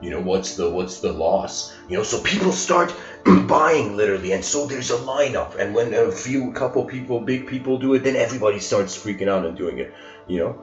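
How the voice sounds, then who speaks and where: A man's voice: mid-range voice, expressive, a little fast. A man giving a lecture as a loose, chatty story, often laughing and using fillers. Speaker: spiritual lecturer. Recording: dull roomy recording with music behind.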